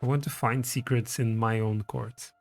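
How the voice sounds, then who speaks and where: A man's voice: medium pitch, steady tone, moderate pace, vocal fry, faint music behind. A man casually commenting on his strategy game and reading its text aloud as he plays. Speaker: streamer playing a strategy game.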